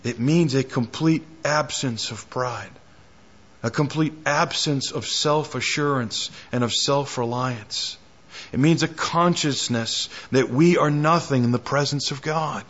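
A man preaching a sermon as pastor, reading scripture aloud, with dramatic rises and hushed drops. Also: medium pitch, measured pace, highs cut off.

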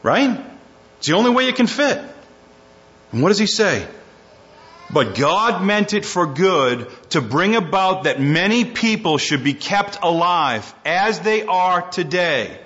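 A pastor with a high-pitched voice preaches a sermon at a measured pace, reading scripture and acting out quotes with dramatic shifts in his voice. His animated preaching rises to near shouts, and the recording is muffled and lo-fi.

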